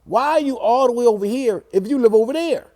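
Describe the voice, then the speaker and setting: A man voicing an angry middle-aged mother who scolds bluntly and curses loudly. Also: high-pitched, animated, normal speed. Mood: furious. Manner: loud, profane scolding.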